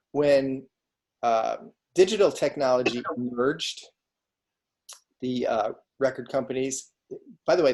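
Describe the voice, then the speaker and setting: A man lecturing on law over a video call, with a mid-pitched voice. He speaks conversationally and keeps asking his students whether they follow. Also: a little mellow. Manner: conversational, asks students frequent questions. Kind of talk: online lecture.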